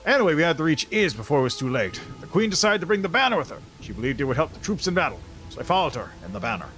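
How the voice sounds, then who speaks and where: A man's voice: fairly high pitch, very animated, racing, fairly bright tone, faint music behind. A man voicing a weary, battle-worn male dwarf who guards a banner, reading game dialogue aloud in character in a solemn, loyal tone. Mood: wistful.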